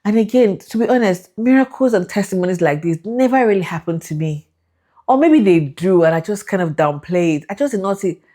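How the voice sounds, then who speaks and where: A young woman telling her faith testimony in an animated, emotional way, laughing and acting out the people in her story. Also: medium pitch, a little fast. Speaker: vlogger sharing a faith testimony.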